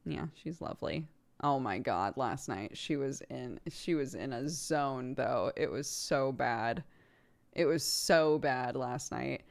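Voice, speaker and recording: A woman's voice: rumbling low, gravelly. A woman streamer and mother chatting casually with her viewers, rambling with many fillers and frequent laughs. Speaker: streamer host; mother of a toddler.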